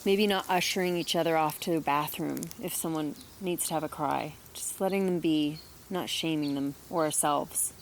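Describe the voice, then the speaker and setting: A woman co-hosting a podcast, speaking in a thoughtful, measured way in reflective conversation. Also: deep voice, steady tone, slight background noise. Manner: thoughtful, measured, many affirmations. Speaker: podcast co-host.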